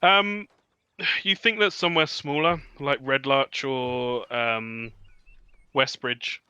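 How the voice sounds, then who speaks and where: A man narrating as game master of a tabletop game, relaxed and loose. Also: medium pitch, slow pace, smooth, dry recording, highs cut off. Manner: relaxed, with frequent ums and laughs.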